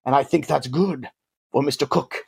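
A fantasy football guest does a comedic turn on a sports podcast as a self-aggrandizing alien titan villain, booming with pompous theatrical grandeur and referring to himself in the third person in playful boasts. It's all mock-grand. The voice is medium-pitched, gravelly and breathy-edged, at a moderate pace.

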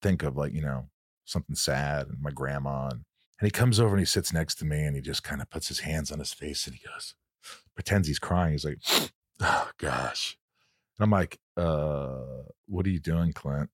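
Man, middle-aged, very low voice, dry close sound, podcast host, animated storyteller. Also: brisk, slightly rough, no echo. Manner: animated storyteller, acts out quotes. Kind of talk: casual interview chat.

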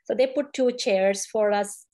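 A woman's voice: medium pitch, a little slow, dark tone. A middle-aged woman, a grieving mother in an interview, earnestly recounting events and quoting what people said to her. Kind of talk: emotional personal account.

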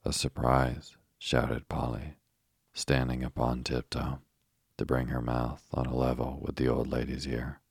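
A man narrating a bedtime story in a calm, even way. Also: a bass voice, measured pace, gravelly, slightly rough, no echo, studio quality.

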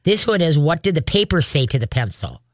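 A man's voice: on the high side, very animated, a little fast, no room sound, studio quality. A man hosting a call-in radio show, giving direct, folksy dog-training advice and acting out firm commands with growls.

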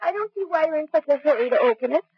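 Brief: genteel, flustered young lady, high voice, muffled old broadcast. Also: animated, very fast, no echo. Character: flustered, prim young woman stalling gangsters. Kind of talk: 1940s radio acting.

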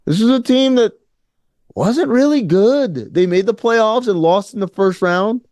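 A man co-hosting a casual sports talk show, animated and sarcastic, often acting out quotes in mock voices. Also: high voice, a little slow, no room sound, clean studio sound. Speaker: podcast co-host.

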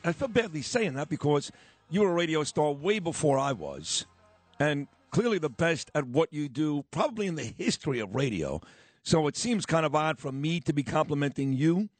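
Teasing New radio host, lively pitch. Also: male voice, dry recording. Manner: teasing, interrupting, folksy. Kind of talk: morning radio banter. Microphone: studio microphone.

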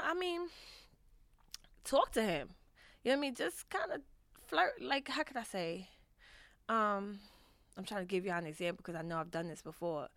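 A woman's voice: medium pitch, fairly bright tone, no room sound. Candid rambling woman vlogger, dry sound. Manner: candid, rambling, lots of fillers and restarts; frank and profane. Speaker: vlogger answering viewer questions. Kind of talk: casual advice chat.

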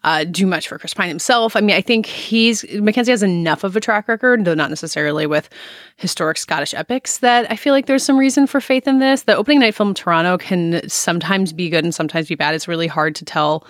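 A woman hosting a casual film podcast, steering the talk in a brisk, organized way on a close microphone. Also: lowish voice, no echo. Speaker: podcast host.

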